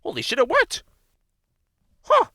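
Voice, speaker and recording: A young man hosting a reaction video, cursing and talking loudly back at what he watches. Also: very high-pitched, unhurried, heavy background noise. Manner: loud, profane, excitable, talks to the screen. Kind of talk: live reaction commentary. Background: loud music from the video he watches.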